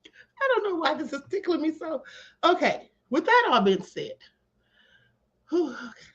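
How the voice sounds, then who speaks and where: Female live-stream host, animated and high, reads the news with chatty asides. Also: a little slow. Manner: chatty, calls viewers honey, bursts into laughter. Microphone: home live stream setup. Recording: slightly dull lo-fi stream audio.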